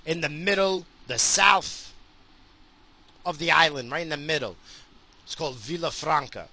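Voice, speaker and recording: A man's voice: fairly high pitch, bright, forceful tone. A middle-aged man ranting crudely in a profane solo monologue, recorded in his car while he drives. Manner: crude, heated and sweary, with frequent restarts. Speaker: solo podcaster.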